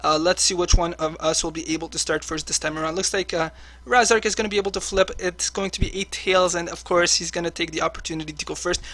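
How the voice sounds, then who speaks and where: Bright, high-voiced male gameplay commentator. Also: fairly even intonation, fast talker, no echo. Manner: chatty, many filler words. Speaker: online card game player and channel host.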